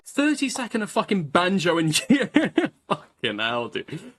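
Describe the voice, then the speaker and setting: Male reaction commentator, crude and mocking, unhurried delivery, laughs a lot. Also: sits high, huge pitch swings, a bit bright, soft background music.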